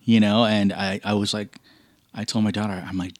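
A man's voice: lowish voice, quick pace, dry recording. Male guest, casual chatter, keeps slipping into voices for the people in his stories, laughs a lot, very dry close sound. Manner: animated storyteller, acts out quoted voices, laughs often. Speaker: guest racer. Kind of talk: casual podcast chat.

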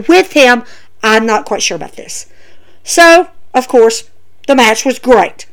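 A woman's voice: sits high, fairly bright tone. A woman giving an emphatic, chatty wrestling show review, talking straight to her viewers. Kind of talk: casual opinion vlog.

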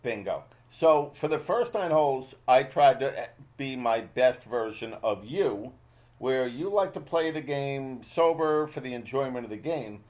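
A man's voice: medium pitch, animated, unhurried, a little mellow. A man in his thirties hosting a casual podcast chat, teasing his friend and laughing often. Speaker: podcast host.

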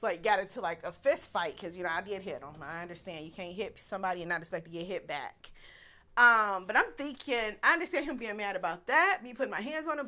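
A young woman with a lilt tells a personal story in a loose, conversational way. Her voice is bright and forceful, and she breaks into laughter and curses freely as she talks. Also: mid-range voice. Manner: candid, laughs often, swears freely.

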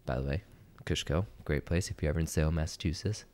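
A young podcast co-host with a very low voice tells a story fast and with lots of energy on a casual show. As he goes, he acts out what the other people said.

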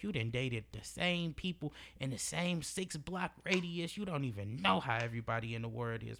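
A man's voice: medium pitch, creaky, a bit bright. A man in his early twenties giving an emphatic, preachy motivational monologue as a podcast host, in casual slang with swearing and repeated phrases. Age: early 20s.

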